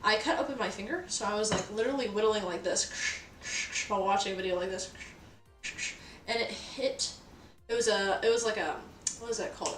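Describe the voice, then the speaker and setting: A woman's voice: medium pitch, a bit bright, slight background noise. A young woman streaming from her kitchen, telling a story in a blunt, nonchalant way and swearing freely while she does the dishes. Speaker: livestreamer. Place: home kitchen. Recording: roomy kitchen, far from mic, clattering dishes. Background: dishes and pots clattering.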